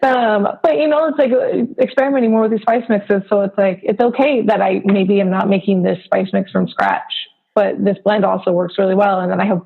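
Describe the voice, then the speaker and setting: A woman from Hawaii in her thirties chats as a podcast guest, loose and filler-heavy. Her voice is gravelly and a bit husky. She comes through a narrow, phone-like remote line. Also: medium pitch. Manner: chatty, filler-heavy, quick to laugh. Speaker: podcast guest, food blogger. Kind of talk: casual interview chat.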